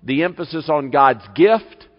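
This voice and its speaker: Male pastor, fairly high voice, unhurried sermon delivery, dull reverberant hall sound. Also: lively intonation. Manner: measured preaching with slow, emphatic scripture reading. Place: church sanctuary.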